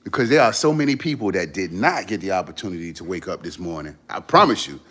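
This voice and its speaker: A livestream host speaks to his viewers in a low, fairly bright voice, talking fast and expressively. His motivational talk is earnest and delivered in casual slang, and he keeps repeating his points to drive them home.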